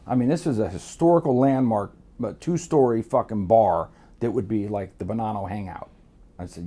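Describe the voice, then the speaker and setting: A man's voice: on the low side, creaky, warm tone, husky. A man from Miami telling stories in a blunt, profane, rambling way. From Miami, USA. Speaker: guest storyteller. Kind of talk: candid storytelling.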